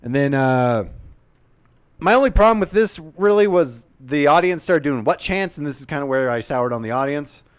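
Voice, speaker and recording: Guy rambling through a recap, kinda high voice, swears a lot, dry close sound. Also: lively intonation, moderate pace, smooth, dry recording. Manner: rambling and opinionated, swears freely. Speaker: YouTube wrestling recap host. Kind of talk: casual unscripted commentary.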